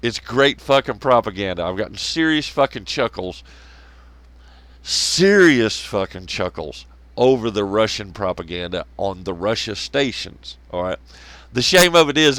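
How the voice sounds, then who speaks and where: A man's voice: lowish voice, a bit bright, no room sound. A man hosting a solo commentary show, rambling, swearing a lot and laughing at his own jokes. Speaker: podcast host.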